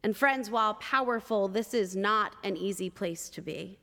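A woman preacher telling a personal story in a sermon, measured and expressive with vivid detail. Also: medium pitch, big-room sound.

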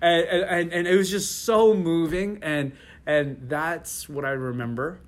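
A middle-aged man answers interview questions in an easygoing way, his voice sitting somewhat high for a man. He restarts sentences often and breaks into laughter as he talks. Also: fairly even intonation, unhurried. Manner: hesitant, many restarts and laughs. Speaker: interview guest. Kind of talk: casual conversational interview.

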